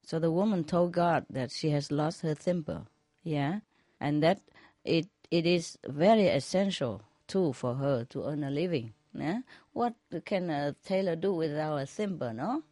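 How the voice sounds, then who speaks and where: A woman, a spiritual teacher, telling jokes to a group in a slow, chuckling way, often checking whether her listeners follow. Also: low-pitched, animated, dark tone, no room sound.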